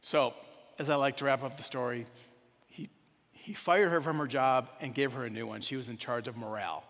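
A man's voice: medium pitch, a little fast, creaky, fairly bright tone, in a large hall. A man giving a sermon as a rabbi, telling a story and then reflecting on it earnestly.

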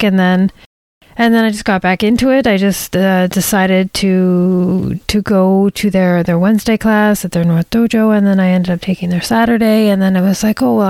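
A woman hosting her own podcast, talking casually and candidly in a rambling, halting way, full of restarts and self-corrections. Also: mid-range voice, a little mellow, no echo. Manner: candid, confiding. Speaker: podcast host. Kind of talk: casual solo podcast monologue.

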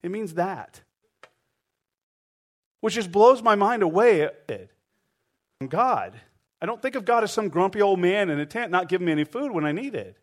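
A man's voice: high voice, animated, moderate pace, long pauses. A middle-aged man preaching a sermon, telling a story animatedly and acting out the voices of the people in it. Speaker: pastor.

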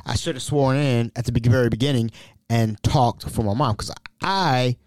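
A man hosting a podcast, telling a story in an animated, casual way and sometimes dropping to a whisper. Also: medium pitch, normal speed, dry recording. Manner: animated, drops to whispers when quoting himself. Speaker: podcast host.

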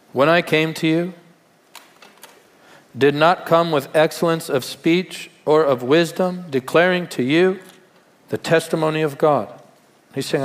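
A man's voice: a little high, long reverb tail. A male pastor giving a sermon in a conversational way, with rhetorical questions and humor.

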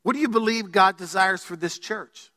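A man preaches a sermon in a reverberant church sanctuary, his voice high and bright. He is emphatic and keeps putting questions to the congregation. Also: moderate pace. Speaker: pastor. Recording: long hall reverb.

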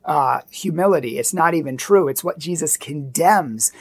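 A woman with a somewhat low voice gives a Catholic teaching talk. She speaks earnestly and with emphasis, and slips into brief acted voices to show the attitudes she warns against. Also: normal speed, slightly rough.

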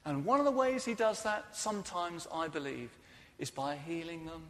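A man preaches a sermon in a church hall, retelling a story earnestly and often letting his voice fall soft and quiet. His voice sits slightly high, and a long reverb from the large hall trails behind every word. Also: moderate pace.

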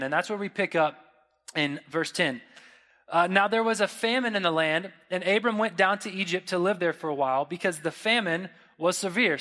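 A man's voice: high-pitched, pushed and bright, long reverb tail. A man preaching a sermon in a casual, conversational way, with slang and asides to the listeners. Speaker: pastor.

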